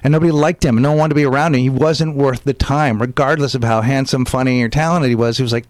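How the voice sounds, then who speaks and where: A man's voice: medium pitch, steady tone, fast, hardly any pauses, no echo. A man, a stand-up comedian, telling stories animatedly as a guest in a casual interview, acting out quotes in different voices.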